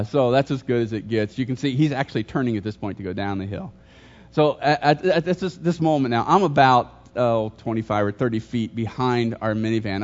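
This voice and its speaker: A middle-aged male pastor preaches in a church, mid-pitched and conversational. He tells stories, makes jokes and turns to the congregation with questions. The recording sounds dull and lo-fi. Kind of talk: sermon.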